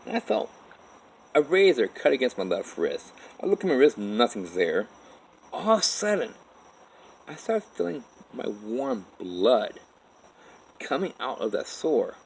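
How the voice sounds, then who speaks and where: A man telling his own life story in a halting, rambling way, with many restarts. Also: mid-range voice, sing-song, gravelly, a little hiss or hum, rough recording. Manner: halting, with restarts and repeated "all of a sudden". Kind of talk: rambling first-person storytelling.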